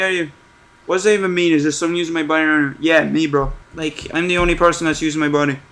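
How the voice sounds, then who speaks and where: Young guy streaming a horror game, sarcastic and jokey, kinda high voice. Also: fairly bright tone. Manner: joking, sarcastic, reads questions aloud slowly. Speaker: gaming streamer. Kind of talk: casual horror game commentary.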